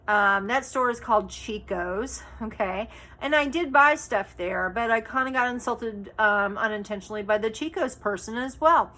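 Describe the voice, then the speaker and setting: Chatty bright-voiced woman vlogging. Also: on the high side, lively intonation, normal speed. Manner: chatty, full of fillers and tag questions like right and okay; indignant, exasperated retelling. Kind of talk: casual storytelling to camera.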